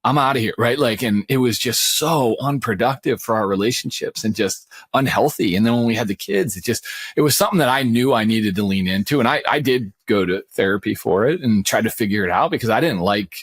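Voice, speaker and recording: A man's voice: fairly low pitch, expressive, a little fast, slightly rough, dry recording, studio quality. A man in his forties, a podcast co-host, telling a personal story candidly over a remote call, rambling with lots of restarts and calling people "man" and "dude".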